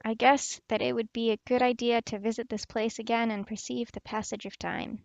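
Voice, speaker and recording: A woman reading the lines of a quiet man who returns to his old school, in a plain, even read of game dialogue. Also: on the high side, a little fast, vocal fry, no echo, highs cut off. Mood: reserved.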